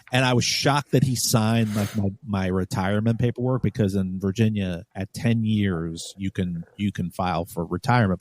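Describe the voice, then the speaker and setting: Low-voiced man telling a blunt story. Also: darkish tone, dry recording, clean studio sound. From New York. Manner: blunt, profane, acts out quoted dialogue. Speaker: podcast co-host. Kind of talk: casual storytelling.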